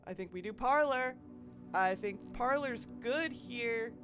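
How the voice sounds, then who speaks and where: A woman's voice: fairly high pitch, slow, music in the background. A woman streaming a puzzle game live, thinking aloud and chatting with her viewers, with frequent restarts. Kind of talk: live gameplay commentary.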